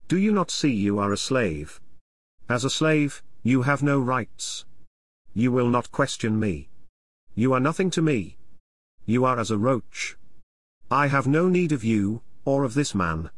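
Casting: a man playing a contemptuous Viking chieftain, commanding, mid pitch, dry. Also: lively intonation, measured pace, no echo. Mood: cold menacing. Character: stern, cruel Viking lord, middle-aged man.

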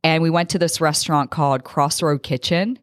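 A woman co-hosting a casual chat podcast, telling stories in quick, animated bursts. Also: low-pitched, no echo, studio quality. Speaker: podcast co-host.

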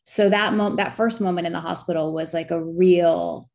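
A middle-aged woman, an actress and author, speaking as an interview guest in a reflective, halting way with frequent restarts and soft laughs. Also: lowish voice, fairly even intonation.

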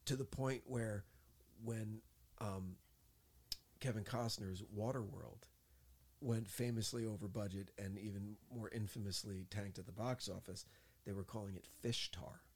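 Animated storytelling man, low voice. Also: measured pace, slightly rough. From New Jersey. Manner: animated storyteller acting out quotes. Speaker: podcast co-host. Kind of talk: casual chat, storytelling.

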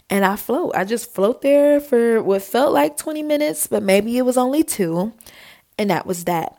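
A woman's voice: medium pitch, measured pace. A woman hosting a podcast, telling a personal story in a casual, chatty way and acting out what others said. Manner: chatty, animated, acts out quotes. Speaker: podcast host.

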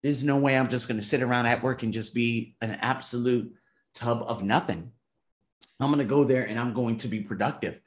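A man in his thirties reviewing his month in a vlog, emphatic and animated, swearing casually and acting out conversations. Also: medium pitch, brisk, reverberant. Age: 30s. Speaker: vlogger.

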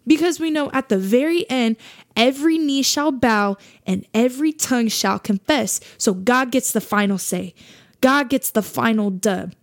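A woman's voice: a little high, moderate pace. A woman hosting a faith podcast, talking earnestly in a monologue and repeating her points for emphasis. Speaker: podcast host.

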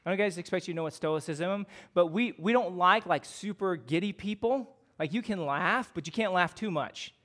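A middle-aged man with a Midwestern American accent delivers a sermon. His voice sits a little on the high side. He preaches casually, with fillers and frequent rhetorical questions to the congregation. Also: normal speed, hardly any pauses, a bit bright. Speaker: pastor.

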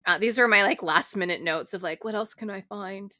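A woman's voice: mid-range voice, a little fast, sharp tone, no echo, clean studio sound. A woman co-hosting a casual podcast, going through her notes in a blunt, offhand way. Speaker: podcast co-host. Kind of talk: casual chat.

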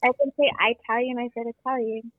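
A woman's voice: a little high, lively intonation, a little fast, slightly rough. A woman on speakerphone, teasing the men in the room playfully. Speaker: host's girlfriend on speakerphone. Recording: tinny phone speaker played in the room.

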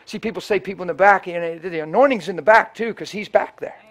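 A man preaching, telling a personal story animatedly and swinging from hushed to loud. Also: high-pitched, fast. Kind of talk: storytelling sermon.

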